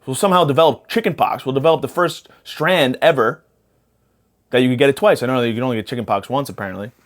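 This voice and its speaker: A young male podcast host with a medium-pitched voice talks at a quick pace. Spacey after a panic attack, he rambles through a profane comedic monologue, jumping between topics.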